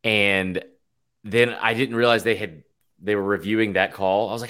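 A man hosting a casual sports chat, animated and swearing freely. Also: lowish voice, normal speed, smooth. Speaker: podcast host.

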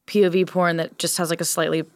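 A woman's voice: lowish voice, flat delivery, fast talker, no echo, clean studio sound. Candid, wry woman podcast co-host. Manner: candid, wry, lots of fillers. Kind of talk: casual chat reviewing videos.

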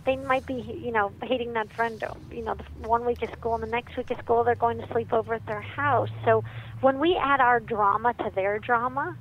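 A middle-aged woman, a psychiatrist and author, telling stories in a lively, animated way as a guest. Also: a little high, normal speed. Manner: lively, animated storyteller who laughs often. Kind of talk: storytelling in a conversation. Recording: muffled with faint background noise.

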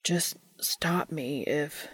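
A woman voicing a teasing, dominant young man who speaks in a low murmured whisper. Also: extremely slow, husky, no room sound, full character voice. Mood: hesitant.

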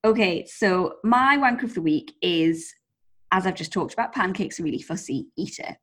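A woman co-hosting a podcast, telling stories in a lively way and swearing casually. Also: lowish voice, normal speed. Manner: animated storyteller, swears casually. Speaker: podcast co-host. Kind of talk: casual chat.

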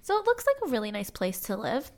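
A woman's voice: medium pitch, huge pitch swings, fast talker, a little mellow. A woman co-hosting a casual chat podcast, from Canada, rambling and playful with lots of fillers. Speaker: podcast co-host.

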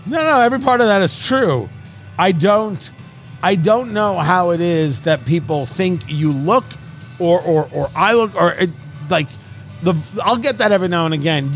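A man with a high, lively voice hosts a casual talk podcast. He jokes, jumps in quickly and talks over his co-host. Soft music plays faintly behind him. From New Jersey, USA. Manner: quick, animated, jokey, talks over others. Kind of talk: casual chat.

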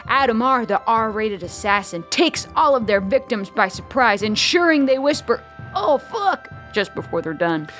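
A woman co-hosting a tabletop game podcast, playfully reading comedic shout-outs and laughing along. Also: a little high, lively intonation, moderate pace, few pauses, faint music behind. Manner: playful, laughing, reading jokey fantasy bios. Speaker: podcast co-host.

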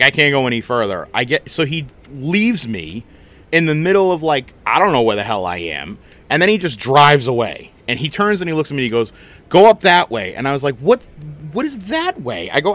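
A man hosting a podcast, telling a story in a casual, animated, chatty way and swearing freely. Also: fairly high pitch. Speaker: podcast host.

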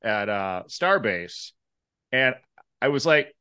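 A male podcast co-host from Wisconsin talks in a bright, tense voice. His pitch swings widely as he jokes and asks curious questions. He swears casually. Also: very animated, slow pace, clean tone.

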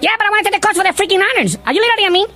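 A man putting on a goofy, excitable male caller obsessed with bachata in a prank phone call, pushy and repeating himself. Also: very fast, exaggerated voice. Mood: pushy, mocking. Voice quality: squeaky high put-on voice. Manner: pushy, repeats "why you laughing, man". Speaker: comedian.

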